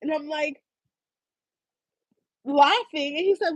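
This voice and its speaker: A woman's voice: mid-range voice, normal speed, darkish tone, breathy edge, no echo. A young woman from Philadelphia hosting a tarot livestream, chatting casually and telling a story with lots of laughter. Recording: dull lo-fi stream audio.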